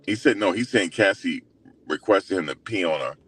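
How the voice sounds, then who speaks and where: A young man hosting his own channel, retelling a story in a loose, slangy way full of fillers, animated and incredulous as he quotes others. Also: deep voice, moderate pace, husky. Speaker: host. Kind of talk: casual storytelling recap.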